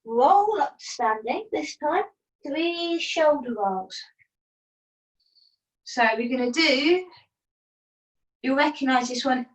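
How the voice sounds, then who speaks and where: A woman teaching yoga from home over a video call, her voice a little high. She gives calm breath cues and slips in playful asides. She sounds distant from the mic, in a roomy, echoing space. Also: slow pace, pauses often. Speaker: yoga instructor. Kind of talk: guided yoga class cues. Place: at home, partner downstairs.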